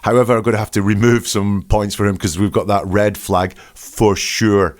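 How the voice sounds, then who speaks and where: A man's voice: on the low side, little pitch movement, moderate pace. A man giving analytical commentary, emphatically picking apart quoted phrases one by one. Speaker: body language and speech analyst.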